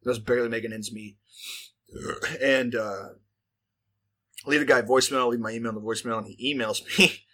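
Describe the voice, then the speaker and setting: A man's voice: mid-range voice, steady tone, fairly quick, long pauses, pushed and bright. A man, telling a profane, rambling story in casual chat. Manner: profane, rambling, filler-heavy delivery.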